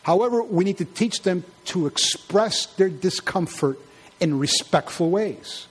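A man preaching a sermon in an animated, conversational way, acting out quarrels in high mocking voices. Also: measured pace, husky.

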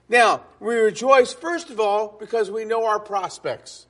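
A man's voice: sits high, measured pace, few pauses, a bit bright. A man preaching a sermon to a congregation in church, emphatic and full of rhetorical questions.

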